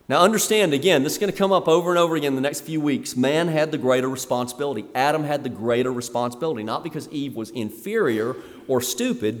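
Man preaching in an echoey hall. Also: a little high. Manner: emphatic, preacherly, with fillers and restarts. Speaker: pastor. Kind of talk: sermon.

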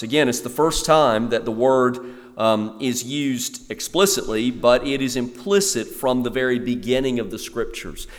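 A man preaching a sermon in an earnest way, lifting his voice for emphasis as he quotes scripture. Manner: earnest, rises in pitch and volume for emphasis when quoting scripture. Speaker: pastor. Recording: long reverb of a hall.

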